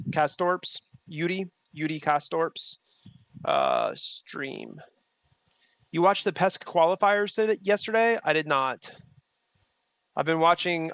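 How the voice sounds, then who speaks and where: His voice is on the high side and fairly bright, caught in a dry recording. The young man is streaming a sim race, casually chatting with his chat, reading messages out and swearing freely, over dull, slightly lo-fi stream audio.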